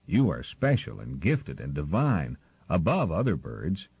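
A man's voice: rumbling low, huge pitch swings, measured pace, vocal fry, slightly rough, voice pushed down, full character voice. A man voicing a skeptical male gull from the crowd who challenges the teacher, on a slightly muffled recording.

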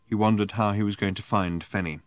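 Male audiobook narrator, lower voice, dry close sound, measured storytelling. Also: steady tone, no room sound. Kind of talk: scripted narration.

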